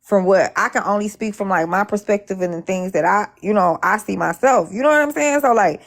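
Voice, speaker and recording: A woman's voice: mid-range voice, a little fast. Chatty woman hosting a live stream. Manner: chatty, rambling, with frequent laughs. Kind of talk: casual live-stream chat.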